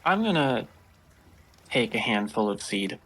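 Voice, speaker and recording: A man playing a tabletop game, speaking in a tentative, unhurried way. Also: fairly low pitch, big pitch swings, a bit bright. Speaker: player. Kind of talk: casual tabletop role-play.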